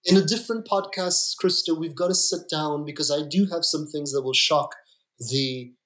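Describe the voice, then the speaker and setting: A male geneticist guest on a podcast, explaining with emphatic, deliberate stresses and repeated words. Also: a little high, fairly bright tone. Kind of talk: podcast interview.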